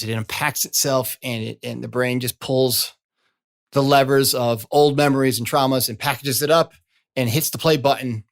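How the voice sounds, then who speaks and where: A man hosting his own podcast as a coach, talking in a chatty, folksy way with repeated asides. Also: mid-range voice. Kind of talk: casual solo podcast talk.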